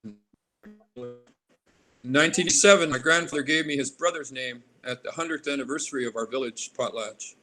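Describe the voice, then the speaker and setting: A man in his sixties from Alaska talks at a middle pitch in a loose, meandering interview manner. He wanders off on tangents and restarts his sentences as he goes. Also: fairly quick, bright, forceful tone, soft background music. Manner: rambling, drifts into tangents. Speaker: artist interviewee. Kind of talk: casual interview.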